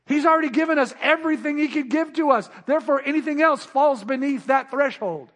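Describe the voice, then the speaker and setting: High-voiced man preaching a sermon. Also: fairly quick, hardly any pauses, fairly bright tone. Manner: rhetorical questions and repeated refrains; emphatic preaching. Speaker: pastor.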